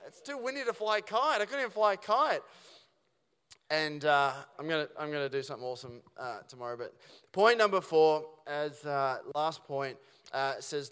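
A man preaches from a church stage, loose and conversational, firing off rhetorical questions and restarting his sentences as he goes. His voice is smooth and resonant and sits a little high for a man. The sound is carried by the long reverb of a church hall. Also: fairly bright tone. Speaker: pastor. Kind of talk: sermon. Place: church auditorium.

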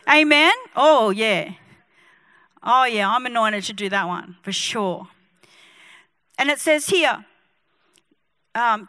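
A woman pastor preaching a sermon, telling a story and acting out its people, sometimes dropping to a hushed voice. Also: high-pitched, slow, pauses often, no echo. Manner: lively, acts out the people in her stories; drops to a hushed voice for solemn moments.

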